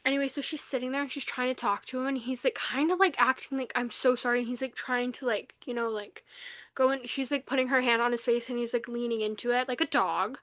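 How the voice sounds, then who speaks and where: A young woman co-hosting a podcast, recapping a novel in casual chat, animated and full of fillers, acting out the lines she quotes. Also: fairly high pitch, quick pace, dry recording. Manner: animated retelling, acts out quotes, many fillers. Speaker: podcast co-host. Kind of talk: casual book review chat.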